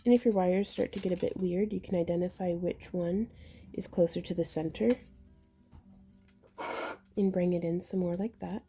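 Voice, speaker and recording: A woman with a slightly hoarse voice, chatting casually as she explains a step-by-step craft tutorial while she works. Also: lowish voice, dark tone. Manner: chatty, explains while working, with fillers and throat clearing. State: slightly losing her voice. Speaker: jewelry-making instructor.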